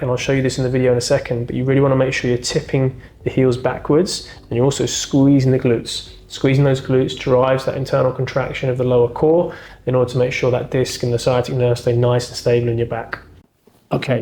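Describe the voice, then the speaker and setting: A man's voice: mid-range voice, darkish tone. Man coaching back exercises. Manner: cueing exercises step by step, counting down reps. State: slightly strained while holding the exercise. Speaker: chiropractor. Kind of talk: exercise demonstration.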